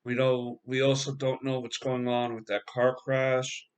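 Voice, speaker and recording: A man casually recapping a TV episode as a reviewer, halting and rambling with frequent filler words and a laid-back, slangy way of talking. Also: mid-range voice, monotone, clean tone. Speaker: TV show reviewer.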